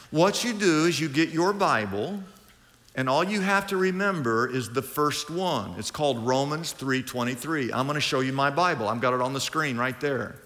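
A male pastor preaching a sermon, lively and conversational, acting out both sides of imagined conversations. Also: medium pitch, moderate pace, in a large hall.

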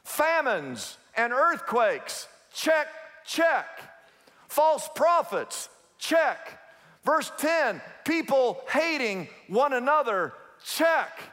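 A man preaching a sermon as a pastor, emphatic, stretching some words slowly and rushing through others, and acting out quoted speakers. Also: very high voice, big pitch swings, a bit bright. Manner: emphatic preaching, swinging from drawn-out to rapid. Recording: long hall reverb.

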